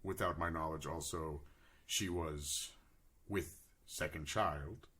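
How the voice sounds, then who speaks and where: Low husky guy doing a slow serious backstory in a tabletop game, deep voice. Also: fairly even intonation, pushed and bright. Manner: slow, grave storytelling in character, breaking into laughter. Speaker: player voicing his character. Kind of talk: in-character tabletop role-play.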